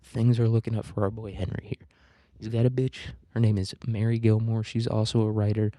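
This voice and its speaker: A man's voice: fairly low pitch, little pitch movement, a little fast, dark tone, no room sound. Young guy hosting a history podcast, profane and jokey, dry close recording. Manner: loose, profane and joking, with fillers and asides. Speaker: podcast host. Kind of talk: casual history podcast talk.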